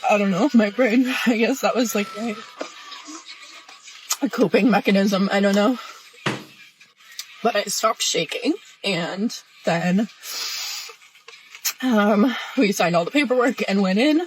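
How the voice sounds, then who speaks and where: A woman's voice: mid-range voice, background noise. Tearful woman in a confessional vlog. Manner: halting, emotional and tearful. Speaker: social media poster.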